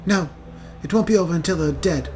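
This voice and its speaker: A man's voice: on the high side, fairly quick, a little mellow, soft background music, voice pushed up, lightly acted. A man voicing a haunted, frightened young woman elf who talks anxiously and turns accusing. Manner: anxious, pleading, bursts of accusation.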